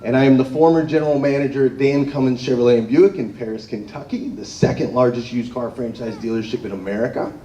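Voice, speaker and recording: A man giving an animated storytelling speech to a live audience, often tagging his lines with "right?". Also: mid-range voice, fast, hardly any pauses, highs cut off, slight background noise. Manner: animated, tags phrases with "right?". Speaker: motivational speaker. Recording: echoey room, far from mic.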